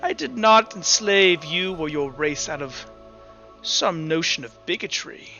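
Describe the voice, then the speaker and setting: A man as an ancient tyrant queen, slow and looming. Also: fairly high pitch, animated, pushed and bright, full character voice. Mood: cold. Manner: slow, drawn-out, looming speech. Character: ancient tall female tyrant queen, cruel, power-hungry. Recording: dull audio, faint background music.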